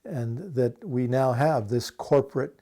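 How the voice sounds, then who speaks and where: An older man from the United States speaks as an activist being interviewed. His voice is mellow and sits at an ordinary pitch. He talks earnestly and with conviction, pausing on fillers and restarting phrases as he thinks. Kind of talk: reflective interview answer.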